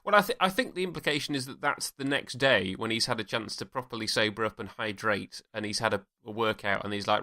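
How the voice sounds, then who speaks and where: A man co-hosts a podcast, chatting casually about a TV episode with frequent restarts and laughs. His fairly low-pitched voice has a sharp tone and moves at a quick pace with few pauses.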